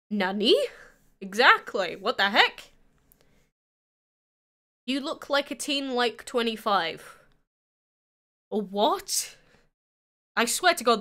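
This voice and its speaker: A woman's voice: a little high, bright, forceful tone. A nineteen-year-old woman with an English accent, chatting on a livestream and answering viewers' questions. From England. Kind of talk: casual chat answering live chat.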